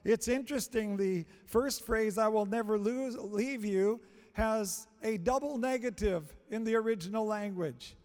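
A male preacher delivering a sermon, slow and emphatic, repeating phrases for stress. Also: sits high, darkish tone. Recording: long hall reverb.

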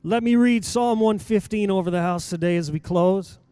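A man, a pastor, preaching a sermon in a church and rising to loud exhortation as he reads scripture. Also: high voice, normal speed, clean tone, dry recording, soft background music. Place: church sanctuary.

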